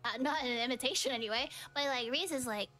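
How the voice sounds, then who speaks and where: High voiced young woman streamer, giggly, rambly, teasing. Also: quick pace, crowd noise. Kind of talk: casual stream chat.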